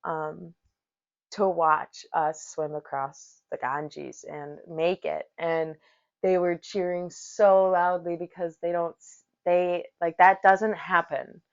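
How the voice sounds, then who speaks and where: Woman telling a story in a lowish voice. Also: slow pace, vocal fry. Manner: profane, rambling, animated storyteller. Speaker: podcast host, yoga teacher. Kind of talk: casual storytelling monologue. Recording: dull lo-fi recording.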